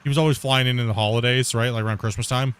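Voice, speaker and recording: A man in the middle of a relaxed gaming session, talking off the cuff at an everyday middle pitch. He rambles, circles back on his own words and breaks into laughs as he goes. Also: very fast, clean tone. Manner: rambling, repeats himself, laughs easily. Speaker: gaming streamer. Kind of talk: casual chat while playing.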